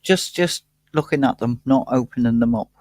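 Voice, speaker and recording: A man's voice: mid-range voice, moderate pace, a little mellow, no echo. A man hosting a casual live stream, talking with playful, mock-indignant teasing.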